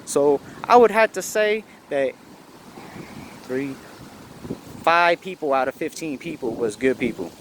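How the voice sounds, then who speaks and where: A man casually telling stories, rambling and correcting himself, swearing freely, and acting out other people's lines in a higher voice. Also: lively intonation, measured pace, long pauses, slight background noise. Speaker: vlogger. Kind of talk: casual storytelling.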